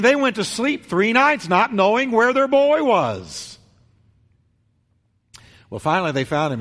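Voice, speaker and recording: A man delivering a sermon from the pulpit, his slightly high voice rising and falling with wide, animated swings. He tells the story dramatically, going loud and then dropping to a near hush. The sound rings with a long reverb, as in a large church. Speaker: pastor.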